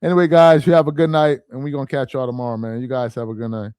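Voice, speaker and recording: A man's voice: medium pitch, level tone, quick pace, darkish tone, clear, resonant tone, no room sound, clean studio sound. A man hosting a casual sports talk live stream, reading chat aloud in a loose, slangy, rambling way, ending lines with "man" and "bro".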